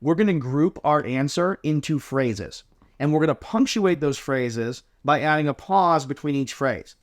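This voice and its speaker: Here a drill team coach speaks in a fairly high, lively voice, taking his time. In a relaxed instructional chat, he explains inspection answers one step at a time and performs example responses.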